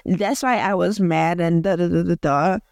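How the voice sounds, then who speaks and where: A woman's voice: fairly low pitch, moderate pace, vocal fry, darkish tone, smooth, no echo, studio quality. A young woman from Africa hosting a casual audio journal podcast, chatty and rambling with many fillers and restarts. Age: young adult. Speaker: podcast host.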